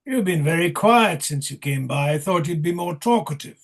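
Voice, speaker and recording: An actor reading the part of a wry, mocking male clown in a play rehearsal. His voice is gravelly and husky, and he teases and directs the king. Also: fairly high pitch, animated, normal speed. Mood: musing. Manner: teasing, directive, sardonic.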